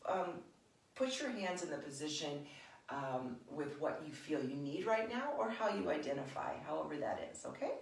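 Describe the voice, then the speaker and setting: A woman teaching a yoga class, guiding gently and unhurried with frequent fillers, recorded from a distance in an echoey room. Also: low-pitched, slight background noise. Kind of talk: guided yoga instruction.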